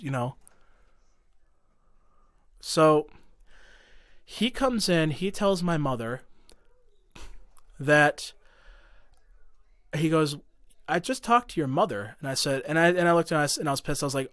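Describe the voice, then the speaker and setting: A man's voice: a little high, expressive, normal speed, long pauses, a bit bright, no room sound, studio quality. A young man telling a long personal story in a casual podcast chat, heated and profane, full of fillers and restarts. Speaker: podcast guest.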